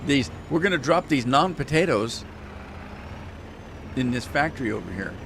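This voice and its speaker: A man chatting his way through a farming game stream, teasing his viewers and laughing at his own mistakes. His voice sits at an ordinary middle pitch, with a faint hiss of noise behind it. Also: animated, normal speed, vocal fry. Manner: chatty, self-mocking, talks to chat, hums while playing. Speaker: livestream gamer. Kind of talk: casual gaming livestream commentary.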